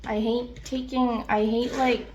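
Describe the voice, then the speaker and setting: A woman's voice: fairly high pitch, measured pace, a little hiss or hum. Chatty young woman eating on camera. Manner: chatty, filler-heavy, excitable, with chewing and "mm" sounds between remarks. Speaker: mukbang vlogger. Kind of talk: casual chat while eating.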